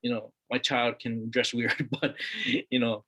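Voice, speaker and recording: A man's voice: mid-range voice, monotone, a little slow, pushed and bright, husky. A middle-aged man from Hawaii, a guest talking earnestly in a casual conversation, repeating words for emphasis. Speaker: interview guest.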